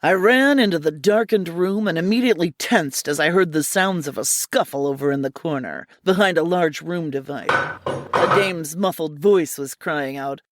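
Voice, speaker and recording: A woman narrating a hardboiled comic mystery story in a wry, deadpan, theatrical way. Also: low-pitched, normal speed, background noise.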